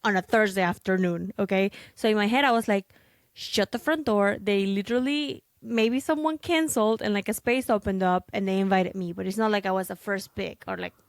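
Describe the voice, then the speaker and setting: A woman's voice: medium pitch, steady tone, a little fast, creaky, hardly any pauses, no echo. Chatty young woman podcaster, dry sound. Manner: talkative, full of fillers and asides like "okay?". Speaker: podcast host and content creator. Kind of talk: casual chatty podcast monologue.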